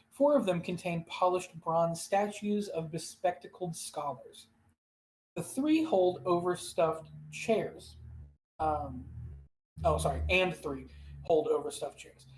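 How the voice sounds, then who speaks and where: A game master narrating a live-streamed tabletop game, reading room descriptions unhurriedly and pausing often. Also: mid-range voice, a little mellow, slight background noise, poor audio.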